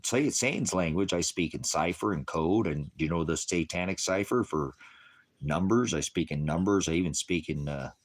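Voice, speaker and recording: A man with an extremely deep voice delivers a rambling online sermon. He answers his viewers in a mocking, combative way, swears freely and keeps breaking into chuckles. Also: moderate pace. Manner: chuckles often between remarks. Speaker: online preacher. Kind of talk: ranting livestream sermon answering comments.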